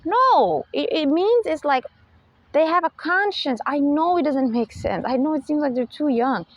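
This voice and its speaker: A woman's voice: high-pitched, animated, moderate pace, no echo, highs cut off. A woman giving an unscripted spiritual lecture, emphatic and full of rhetorical questions, often laughing between points. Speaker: spiritual talk host.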